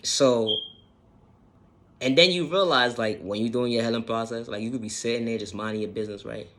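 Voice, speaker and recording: A man's voice: mid-range voice, fairly quick, a bit bright. A man talking casually and earnestly about self-healing, repeating his points and swearing now and then. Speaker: self-help vlogger. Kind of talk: casual motivational monologue.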